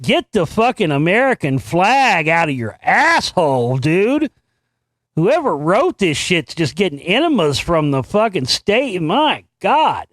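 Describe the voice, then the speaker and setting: A man's voice: sits high, no echo. A male show host who swears freely and reads a news article aloud with sarcastic, mocking asides. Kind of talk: profane political commentary and article reading.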